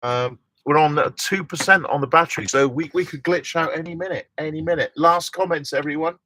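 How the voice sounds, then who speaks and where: A man's voice: a little high, fairly even intonation, a little fast, sharp tone, slight background noise. A middle-aged man hosting a casual live stream from inside a motorhome, chatting and reading out viewer comments with frequent laughs.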